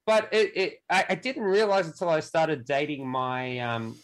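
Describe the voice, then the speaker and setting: A young man talking as a podcast guest in casual conversation, halting and often restarting his sentences. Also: on the high side, fairly even intonation, low-quality recording. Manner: halting, with many restarts and repeated words.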